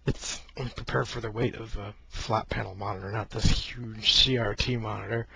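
Seated at his computer desk, a video blogger rambles jokingly and self-deprecatingly into a close-up mic he keeps bumping. His lowish voice is gravelly, bright, and forceful with a breathy edge, at normal speed with fairly even intonation. It's a casual, rambling vlog.

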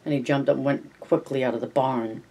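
A man reading a novel aloud at an unhurried pace, now and then correcting himself and adding asides. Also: medium pitch, fairly even intonation, a little mellow. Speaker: reader.

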